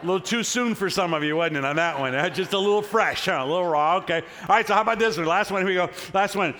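With a high-sitting voice and a fast pace, a middle-aged male pastor preaches in a church sanctuary. He starts by telling a story in a relaxed manner before stirring up the congregation with energy, all under the long reverb of the church hall.

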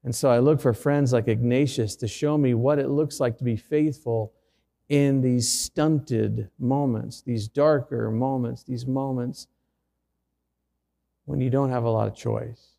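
A man's voice: medium pitch, fairly even intonation, a little slow, vocal fry, dark tone, big-room sound. A middle-aged man, a pastor, preaching a sermon through a personal story with self-deprecating humor.

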